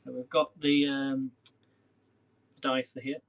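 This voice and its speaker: Man, home kitchen, chatty live cooking demo, mid-pitched voice, clear background noise. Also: little pitch movement, takes it slowly, rough recording. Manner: chatty, rambling, talks to viewers while working. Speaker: cooking livestream host.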